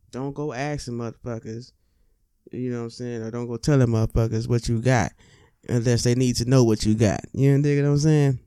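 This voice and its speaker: A man giving joking dating advice in a casual comedic monologue, animated and profane, with streetwise slang and rhetorical asides to the listener. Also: on the high side, dry recording, clean studio sound.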